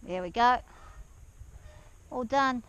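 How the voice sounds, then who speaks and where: A woman talking softly and calmly to her horse as she rides it outdoors around a farm yard, with an action camera worn while riding. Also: a little high, slow, dull audio, noisy background. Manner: soft, soothing coaxing of a horse. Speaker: horse rider and farm owner. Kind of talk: riding vlog narration.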